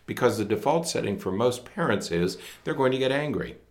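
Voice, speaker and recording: A man's voice: mid-range voice, expressive, fairly quick. A middle-aged man and educator co-hosting a parenting talk show, speaking emphatically and acting out what kids and parents say. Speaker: podcast co-host, educator. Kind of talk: casual parenting advice chat.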